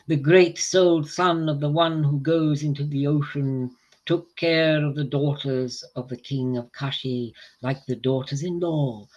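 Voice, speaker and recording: A man reading an ancient epic aloud to a group. He reads in a measured, deliberate way and pauses between phrases. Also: fairly high pitch, a little mellow, highs cut off. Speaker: reader of scripture to a group.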